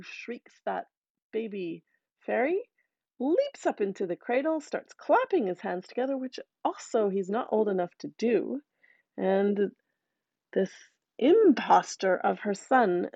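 A woman telling a folktale aloud in a lively, conversational way with asides to listeners. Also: fairly high pitch, unhurried, no echo, highs cut off. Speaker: storyteller.

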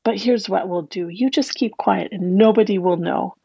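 A woman's voice: medium pitch, normal speed, vocal fry, warm tone, husky, highs cut off. A woman voicing a scheming, cruel stepmother who sounds falsely sweet and coaxing.

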